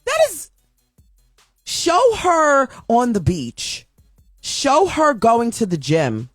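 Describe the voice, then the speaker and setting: A woman with a high voice rants in an emotional vlog, her pitch swinging widely as she repeats herself and restarts her sentences. She sounds upset and heartfelt throughout. The recording is dry and close, with faint music behind her. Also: wildly swooping pitch, slow pace, dry recording. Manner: impassioned, repetitive ranting with many restarts. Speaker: video commentator.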